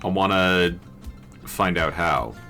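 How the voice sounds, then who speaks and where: A man's voice: low-pitched, slow pace, sharp tone, soft background music. Man muttering through a game stream. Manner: offhand, muttering to himself, swears and laughs. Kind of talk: casual live gameplay commentary.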